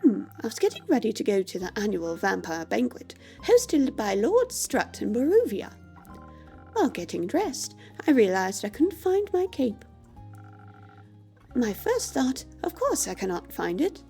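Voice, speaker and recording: A woman's voice: a little high, very animated, measured pace, vocal fry, warm tone, faint music behind, exaggerated voice. Woman doing a melodramatic, vain vampire man. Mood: dramatic. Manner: theatrical, swooping and melodramatic. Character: vain dramatic male vampire, fussy about his cape. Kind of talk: voice-acting a game aloud.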